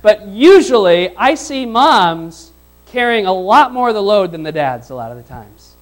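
A man's voice: high voice, sing-song, moderate pace, rough recording. A male pastor preaching a sermon in a conversational way, asking the congregation questions and repeating his phrases.

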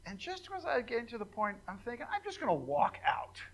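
High, bright-voiced older male preacher. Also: huge pitch swings, fairly quick, gravelly, poor audio. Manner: folksy storytelling with joking asides and fillers. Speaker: pastor. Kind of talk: informal sermon to a congregation.

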